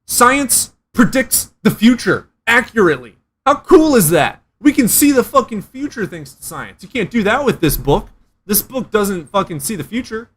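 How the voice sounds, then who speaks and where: A man's voice: sits high, very animated, moderate pace, fairly bright tone, a little hiss or hum. A man hosting a casual debate chat, ranting and swearing freely. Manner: profane, ranting. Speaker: streamer host.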